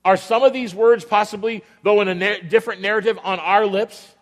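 A male pastor with a notably high voice delivers a sermon, firing rhetorical questions at his listeners and dropping into other voices for the people he quotes. His words ring out with the long reverb of a large church hall. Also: steady tone, fairly quick.

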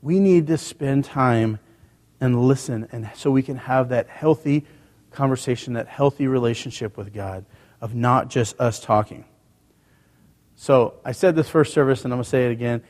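A man's voice: mid-range voice, normal speed, darkish tone, big-room sound. A male pastor preaching a sermon in a church, talking to the congregation in a conversational way with rhetorical questions. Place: church sanctuary.

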